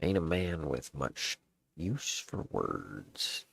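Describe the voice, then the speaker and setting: Gruff old sea-captain, put on by a man, Southern drawl, raspy-husky, game journal reading. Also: very deep voice, sing-song, a bit bright, exaggerated voice. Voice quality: gravelly, drawn-out pirate speech. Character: boastful old male pirate captain, gruff.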